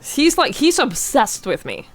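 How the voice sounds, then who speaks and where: A woman's voice: high-pitched, huge pitch swings, a little slow. A woman streamer chatting playfully with her viewers while playing a game. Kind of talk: casual game livestream chat.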